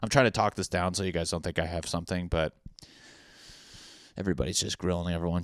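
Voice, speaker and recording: A man's voice: low-pitched, fairly even intonation, fast, pauses often, no echo, studio quality. A young man hosting a solo comedy podcast, rambling in a crude, profane, self-mocking way, with a wet cough. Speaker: podcast host.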